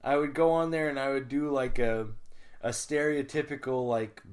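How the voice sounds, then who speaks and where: A man in his thirties rambles through a loose podcast chat. He swears freely, laughs often and stops now and then to clear his throat. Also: medium pitch, fairly even intonation, moderate pace. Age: 30s. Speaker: podcast co-host. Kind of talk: casual chat.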